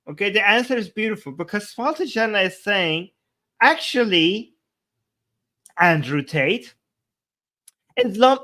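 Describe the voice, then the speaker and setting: High-voiced man ranting in disbelief. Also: pushed and bright. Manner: incredulous, exasperated ranting; talks fast with many restarts. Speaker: live stream commentator. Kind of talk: reaction commentary on video clips.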